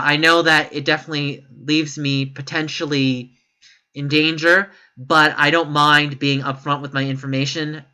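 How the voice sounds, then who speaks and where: A man delivers opinion commentary for his vlog in a bright, forceful voice. He rambles and corrects himself as he goes, then jumps up into high, exasperated outbursts when he disagrees. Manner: emphatic and exasperated, with sudden high-pitched outbursts. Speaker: YouTube commentator.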